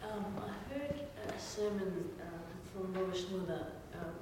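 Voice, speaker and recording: A woman's voice: medium pitch, animated, measured pace, background noise. A woman in the audience asking a question hesitantly, with many fillers. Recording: distant, echoey hall.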